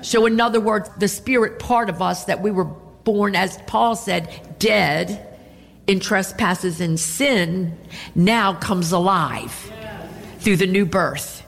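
A woman pastor preaching a sermon, expressive and punctuated with frequent amens. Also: mid-range voice, takes it slowly, gravelly, long reverb tail.

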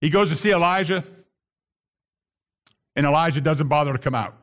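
Animated preaching man, high voice. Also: normal speed. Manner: animated preaching, rising to shouts at times; sprinkles in Hebrew terms. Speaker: messianic pastor. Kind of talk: sermon.

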